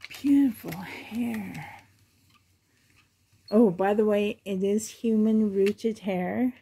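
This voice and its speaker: A woman's voice: medium pitch, very slow, creaky, long pauses, mellow, slight background noise. A woman vlogging as she unboxes a reborn doll, gushing fondly and often dropping to half-whispered asides. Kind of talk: unboxing vlog chat.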